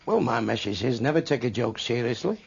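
Gravelly older man, crude comic. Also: mid-range voice, fairly quick. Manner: crude, swearing, deadpan punchlines. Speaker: stand-up comedian. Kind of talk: stand-up comedy. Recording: muffled lo-fi with faint hiss.

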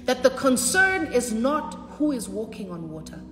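A high-voiced woman preaches with fervor and repeats her key lines. Her voice rings through a hall with a long reverb, and soft music plays underneath. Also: sing-song, normal speed. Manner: impassioned preaching with shouts and repetition. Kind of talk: sermon.

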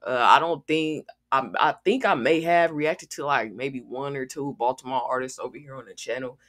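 A man's voice: mid-range voice, normal speed, a bit bright. A man hosting a music reaction video, talking casually in a slangy, laid-back way. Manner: slangy, laid-back, peppers talk with "bro" and "gang".

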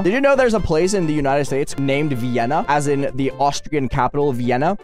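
A young man streaming a game, ranting in a rambling, profane, animated way as he plays. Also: fairly high pitch. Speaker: gaming streamer. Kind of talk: casual commentary while playing.

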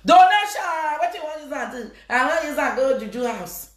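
A woman's voice: high-pitched, brisk, a bit bright. A woman with a Nigerian Pidgin English accent talking in a live-stream monologue, teasing her viewers, laughing and breaking into chants. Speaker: social media personality. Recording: echoey room.

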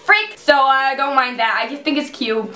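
A Dutch-accented woman talks through a casual reaction vlog, bubbly and giggly, with lots of fillers. Her voice sits high and sounds bright and sharp. The room around her is echoey. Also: normal speed, soft background music. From Netherlands. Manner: excitable, giggly, filler-heavy. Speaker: vlogger.

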